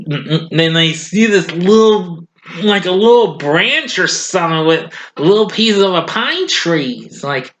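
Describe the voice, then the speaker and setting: A man casually recapping a cartoon as a reviewer, chuckling often and acting out lines in a high voice. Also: bright, forceful tone.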